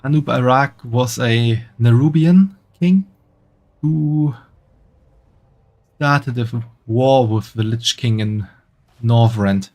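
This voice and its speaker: A man's voice: mid-range voice, slow pace, pauses often, darkish tone. A man streaming a game, chatting casually and reading quest text as he plays. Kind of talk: casual gameplay commentary.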